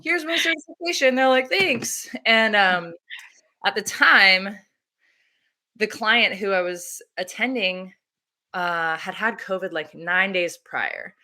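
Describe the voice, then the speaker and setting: A woman doula talking casually in an interview, animated and laughing often as she acts out her own remarks. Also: mid-range voice, takes it slowly. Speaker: doula and activist.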